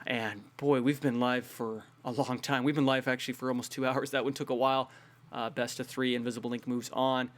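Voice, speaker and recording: A man calling a live esports match with an upbeat push despite sounding tired. His voice sits at an ordinary middle pitch, steady and conversational as he introduces teams and calls the action. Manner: upbeat, pushing to keep energy up. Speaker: esports tournament caster. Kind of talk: live play-by-play commentary.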